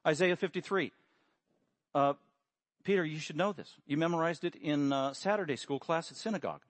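A man preaching a sermon, animated, acting out quotes with sudden loud emphasis. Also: on the high side, brisk, dry recording. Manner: acts out quotes with raised voice.

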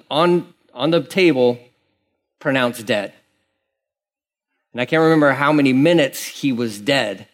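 Pastor, male, mid-pitched, preaches a casual, rambling sermon full of asides and fillers.

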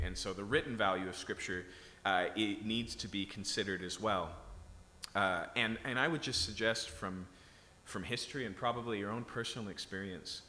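A man's voice: low voice, pushed and bright, slight background noise. A man preaching a sermon in a conversational way, often checking in with his listeners. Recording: echoey hall.

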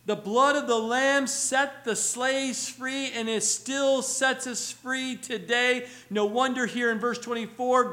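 A man's voice: extremely high pitch, steady tone, a little slow, few pauses, bright, forceful tone. A man preaching a sermon as pastor, earnest and building to emphatic exhortation, now and then mimicking children's questions. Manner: acts out children's whiny questions.

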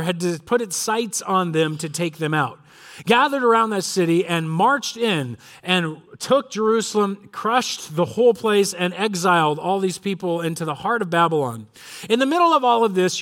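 A man's voice: high voice, a bit bright. A male pastor preaching a sermon in an earnest, emphatic way, drawing out key phrases.

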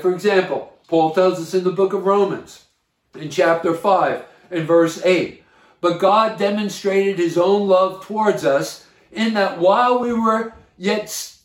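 Slow, high-voiced preaching man. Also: reverberant. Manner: slow, deliberate preaching with emphatic pauses. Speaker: pastor. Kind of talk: sermon.

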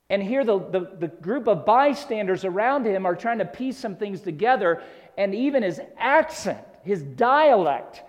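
A man's voice: high-pitched, highs cut off. A man from the American South preaching an expository sermon, earnest and explanatory, rising to emphatic peaks. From Southern United States. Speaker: pastor. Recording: long hall reverb.

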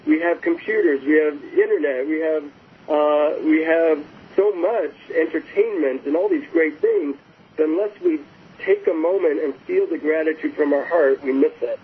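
A man's voice: on the high side, moderate pace, slightly rough. Man guest on a tinny phone line. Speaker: guest author. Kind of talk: casual interview talk. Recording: phone-like line with faint hiss.

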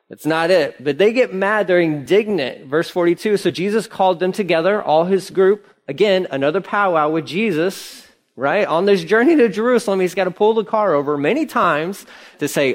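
A man's voice: on the high side, expressive, normal speed. A man preaching a sermon in a church, talking conversationally with playful asides. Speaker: pastor. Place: church sanctuary.

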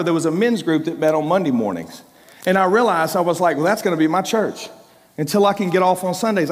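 A man preaching his testimony with a fairly high voice, hammering home repeated phrases and then dropping to a hush. His words ring out with the long reverb of a large church hall. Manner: emphatic storytelling with repeated phrases; swings between raised bursts and hushed, low passages. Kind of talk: sermon testimony.

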